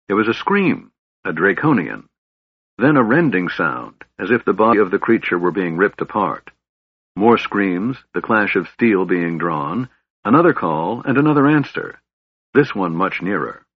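A man's voice: on the low side, husky, dry recording, highs cut off. A man steadily narrating a fantasy audiobook with a dramatic reading.

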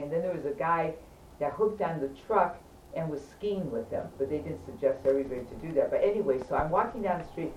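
A woman telling a casual story to friends in an animated, emphatic way, often checking in with her listeners. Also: low voice. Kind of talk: casual anecdote. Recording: roomy, distant, faint background hum.

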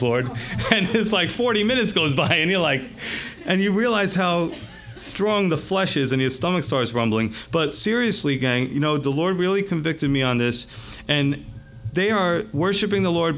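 A man pastor gives a sermon in a chatty, animated way. His voice sits a little on the high side. He keeps checking in with the congregation as he goes. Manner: conversational, animated, addresses listeners as gang.

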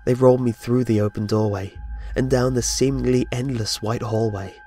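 A man's voice: mid-range voice, fairly even intonation, moderate pace, mellow, soft background music. A man narrating a horror story in a dramatic, scripted way. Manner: dramatic storytelling with voiced dialogue.

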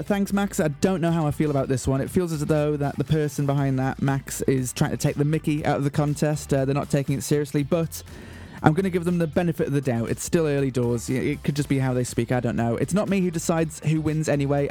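With a slightly high, mellow voice and a quick pace, a man presents a community radio show from a studio. He plays it deadpan, announcing in an earnest yet mock-grand comic way.

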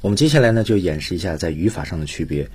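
Man, radio English teacher, explanatory, very low pitch, dry studio. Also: expressive, rapid-fire, darkish tone, breathy edge, dry recording. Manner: explanatory, switches between Chinese and English. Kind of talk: bilingual radio lesson.

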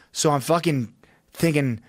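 A man's voice: a little high, takes it slowly, darkish tone, no room sound, studio quality. A man, a podcast guest with a young child, tells a tense story in a blunt, profane, urgent way, his voice shooting up at the peaks. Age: adult with a young child. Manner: profane, urgent and emphatic, voice rising sharply at peaks. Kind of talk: intense storytelling in a long-form podcast.

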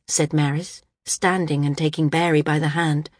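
A woman narrator reading a fantasy novel in an even, unhurried way. Her voice is a little low and husky, and the recording is close and dry with no room around it. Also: no echo. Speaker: audiobook narrator. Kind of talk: scripted narration.

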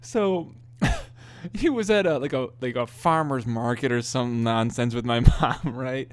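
A man's voice: mid-range voice, unhurried, smooth, dry recording. A young man hosting a podcast, telling a story casually, often laughing and swearing as he talks. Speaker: podcast host.

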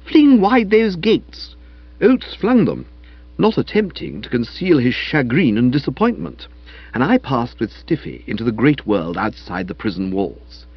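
A man narrating a comic novel aloud in a wry, lively storytelling manner. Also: medium pitch, moderate pace, slightly rough, muffled recording. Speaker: audiobook narrator.

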